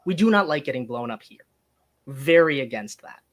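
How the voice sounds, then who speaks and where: A man's voice: medium pitch, lively intonation, moderate pace. A man talking as a guest in a casual interview, thinking aloud with restarts and small laughs. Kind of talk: casual conversation.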